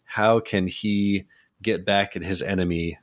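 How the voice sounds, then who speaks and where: A man with a fairly low voice hosts a casual movie podcast. He chats in a relaxed, easygoing way and pads his talk with fillers. At times he reads out what happens on screen. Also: a little slow. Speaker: podcast host. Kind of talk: casual movie podcast chat and scene narration.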